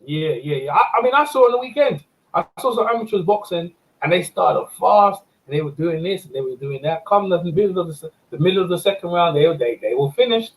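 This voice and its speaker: A man hosting a casual chat, telling animated stories, laughing often and repeating words. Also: high voice, a little fast, poor audio. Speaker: host and amateur boxing judge.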